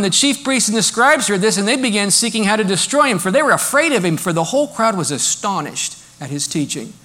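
A man preaching a sermon in a church, animated and emphatic, now and then mimicking critics in a mocking tone. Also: high-pitched, fairly quick, hardly any pauses. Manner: animated preaching, mock voices of modern critics. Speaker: pastor.

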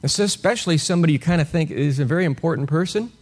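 A man preaching an expository sermon with a fairly high voice. He teaches in an animated way, firing rhetorical questions at his listeners and chuckling now and then. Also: racing, husky.

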